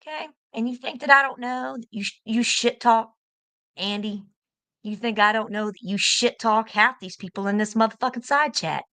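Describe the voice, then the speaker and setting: A woman's voice: fairly high pitch, normal speed, a bit bright. A young American woman arguing heatedly on a livestream, confrontational and profane, hammering her points by repeating them. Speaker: livestream guest.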